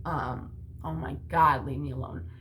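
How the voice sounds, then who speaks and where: A woman's voice: very deep voice, steady tone, a little slow, a bit bright, slight background noise. A woman talking to her camera in a casual vlog, rambling bluntly with frequent swearing and lots of "like" and "you know.". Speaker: vlogger and mother.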